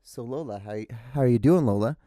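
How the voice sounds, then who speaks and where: A man rants casually into a podcast mic at home, stammering and restarting as he goes. His talk is loose and profane, delivered at a middling pitch. The sound is dry and close, with no room echo. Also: quick pace, warm tone. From outside the United States. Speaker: podcast host. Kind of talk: casual solo podcast rant. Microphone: podcast microphone.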